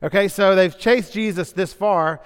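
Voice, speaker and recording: A man preaching a sermon, telling the story with lively, acted-out asides. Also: sits high, moderate pace, clean tone. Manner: animated storytelling, acting out scenes. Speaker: pastor. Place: church sanctuary. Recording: long reverb of a large hall.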